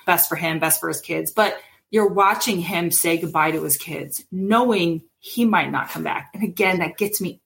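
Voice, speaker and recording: Woman podcast co-host, 30s-40s, lowish voice, animated retelling of a case with acted-out quotes. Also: moderate pace, creaky. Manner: animated storytelling, acts out quotes. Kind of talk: casual true-crime chat.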